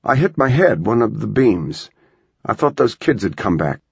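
A man's voice: lowish voice, sing-song, moderate pace, creaky, slightly rough, no echo, heavily acted. A man doing a wry, easygoing husband. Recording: dull lo-fi dry recording.

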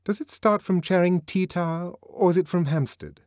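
A man's voice: sits high, normal speed, darkish tone, no echo, clean studio sound, voice pushed up, lightly acted. A man voicing a breezy, coaxing young woman.

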